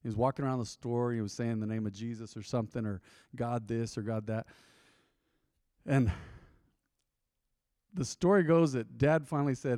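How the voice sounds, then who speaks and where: A man's voice: mid-range voice, moderate pace, pauses often, dark tone, dry recording, studio quality, big-room sound. A man preaching a sermon to a congregation in a folksy, conversational way, often slipping into quoted asides. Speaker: pastor. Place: church sanctuary.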